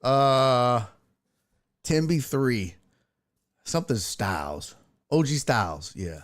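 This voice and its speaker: A man's voice: medium pitch, animated, takes it slowly. A man hosting a casual streamed sports talk show, chatting loosely with his viewers in a blunt, slangy way and swearing now and then.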